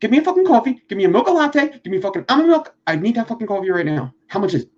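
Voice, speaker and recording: A man with a Philadelphia accent acting out a brash, loud man ordering coffee fast and profanely. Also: sits high, big pitch swings, muffled recording, voice pushed up. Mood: impatient.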